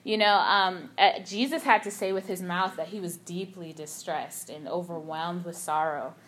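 A young adult woman giving a casual sermon, telling a personal story in an animated way with lots of filler words and acted-out quotes. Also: fairly low pitch, moderate pace. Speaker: youth speaker.

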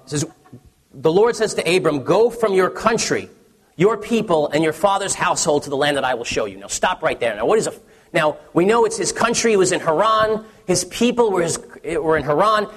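A man's voice: high-pitched, lively intonation, brisk, fairly bright tone, big-room sound. A man, a pastor in his thirties, preaching a sermon in a conversational, story-telling way with many restarts.

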